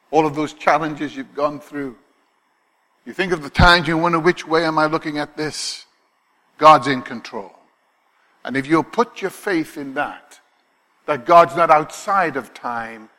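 A man preaching a sermon, his voice bright and forceful. He speaks with emphasis, often putting questions to the congregation. Long reverb from a large church hall hangs behind his words. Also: fairly high pitch. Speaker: pastor.

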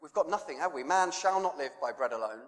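A man's voice: on the high side, animated, fast, fairly bright tone. A man preaching an informal sermon, conversational and self-deprecating, with lots of rhetorical questions. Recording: long hall reverb.

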